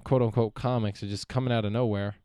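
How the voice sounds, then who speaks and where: A man's voice: lowish voice, fairly even intonation, quick pace, mellow, no room sound, clean studio sound. A young man hosting a solo podcast, rambling and swearing freely, often trailing off and restarting. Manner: profane, meandering, self-interrupting. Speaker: podcast host.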